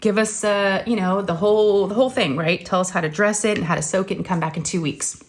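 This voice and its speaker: A woman's voice: mid-range voice, steady tone, a little fast. A middle-aged woman, chatting casually as a crafting channel host and telling a long story full of acted-out quotes. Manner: rambling storyteller, acts out quotes. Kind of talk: casual chat while crafting.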